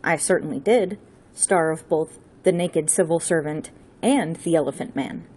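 A woman's voice: low-pitched, normal speed, darkish tone, breathy edge. A woman doing a flamboyant, wordy chauffeur. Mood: theatrical. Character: flamboyant male chauffeur who rhymes.

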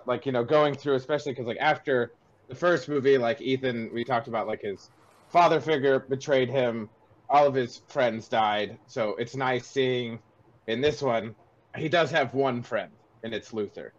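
A man's voice: mid-range voice, normal speed, highs cut off. A man hosting a podcast, retelling movie scenes in a rambling, filler-heavy way. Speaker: podcast host. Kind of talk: casual movie review chat.

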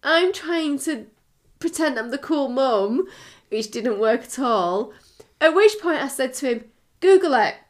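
A woman's voice: sits high, animated, a little slow. A middle-aged woman co-hosting a podcast, telling a story with animation and laughing often. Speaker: podcast co-host. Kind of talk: casual chat.

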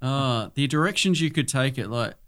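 Animated man chatting casually. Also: medium pitch, moderate pace. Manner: animated, swearing, acts out quoted voices. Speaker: podcast co-host. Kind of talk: casual chat.

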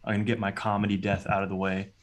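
A man's voice: fairly low pitch, monotone, quick pace, a little hiss or hum. A man in casual podcast chat, talking enthusiastically about movies and swearing freely.

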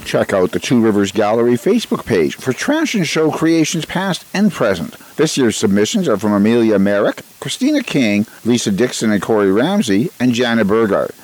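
A man's voice: medium pitch, big pitch swings, moderate pace, hardly any pauses, a little mellow, soft background music, poor audio. Chatty man hosting radio. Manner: chatty, rambling with fillers and restarts. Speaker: radio host. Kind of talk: casual community radio chat and announcements. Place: radio studio.

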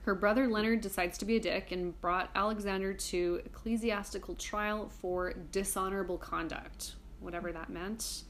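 A woman's voice: mid-range voice, steady tone, moderate pace, hardly any pauses, fairly bright tone, slight background noise. A woman hosting a casual history podcast, chatty and irreverent, swearing casually while reading from her notes. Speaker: podcast host.

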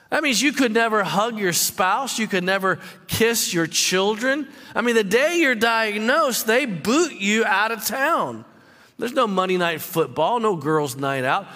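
A pastor with a high-pitched, sharp voice preaches emphatically, repeating words and stumbling over them as he stresses his points. The recording has a long hall reverb.

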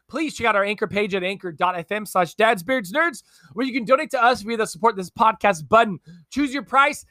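A man's voice: high voice, pushed and bright, no echo, clean studio sound. A man hosting a podcast, joking with his guest and then reading the show's outro. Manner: jokey, quick to laugh. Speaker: podcast host. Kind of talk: casual podcast chat and outro.

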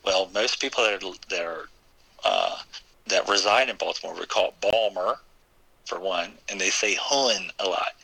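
A man's voice: low-pitched, animated, normal speed, vocal fry, bright, forceful tone, husky, no echo, poor audio. A man from Maryland with a slight Southern Maryland twang, a country singer guesting on a radio show. He talks in an easygoing way and laughs often. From Maryland, USA. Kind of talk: casual radio interview.

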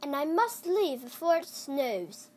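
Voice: sits high, big pitch swings, unhurried, darkish tone, a little hiss or hum. A child reading a pushy pet seller. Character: adult male travelling pet seller, pushy.

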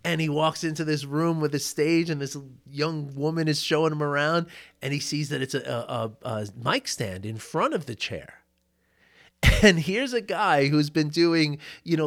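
A man's voice: fairly high pitch, moderate pace, fairly bright tone. A man giving a casual mindfulness lesson, chatty and prone to laughing, often tagging his points with "you know" and "right?". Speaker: mindfulness teacher. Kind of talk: casual teaching talk. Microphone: boom mic.

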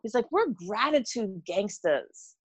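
Expressive woman telling a story. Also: mid-range voice, takes it slowly, no echo. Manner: animated, acts out voices in her stories. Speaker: podcast guest, former teacher. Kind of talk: conversational storytelling.

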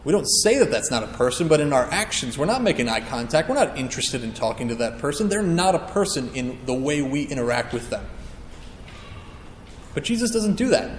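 Earnest preacher in an echoey hall. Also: male voice, medium pitch, sing-song, a little fast, slight background noise. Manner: earnest, emphatic teaching with acted-out quotes. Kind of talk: sermon. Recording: echoey hall with long reverb.

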